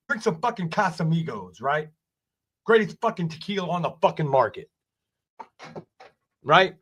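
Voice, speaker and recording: Angry high-voiced man ranting. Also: moderate pace, pauses often, fairly bright tone. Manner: angry, swearing, repeating "right?". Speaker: wrestling streamer. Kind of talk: profane rant. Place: home basement.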